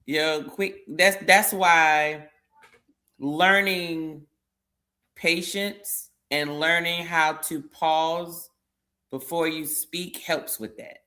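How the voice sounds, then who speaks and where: A man with a fairly high, bright voice talks things through at an unhurried pace. He co-hosts a casual discussion and weighs each thought before he moves on. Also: steady tone. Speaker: podcast co-host.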